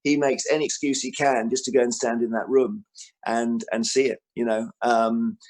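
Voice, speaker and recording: Male author, book festival interview, lively storyteller, mid-pitch, lots of restarts. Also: moderate pace. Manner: animated storyteller, acts out quotes; frequent restarts and fillers.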